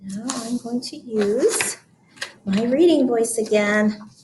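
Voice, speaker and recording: A woman teacher reading a picture book aloud to children, explaining each step clearly and deliberately. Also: fairly high pitch, echoey room, noisy background. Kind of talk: read-aloud lesson for children.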